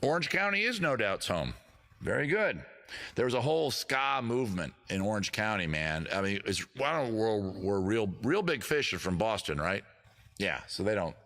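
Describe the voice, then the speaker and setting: A man with a baritone voice, hosting his own live stream and joking about himself in loose, rambling banter between songs. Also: big pitch swings, normal speed, fairly bright tone. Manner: self-deprecating, chatty, jokey. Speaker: host and guitarist of a live stream show. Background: his own guitar.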